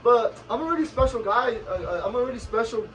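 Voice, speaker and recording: A man's voice: extremely high pitch, animated, fast talker, distant mic, poor audio. A man vlogger casually retelling a story, switching back and forth between English and Spanish.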